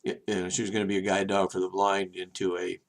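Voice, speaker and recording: An older man hosting his own video show, telling rambling personal stories in a chatty, meandering way with many restarts, and getting animated when he quotes other people. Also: low-pitched, fast talker, creaky. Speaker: vlog host.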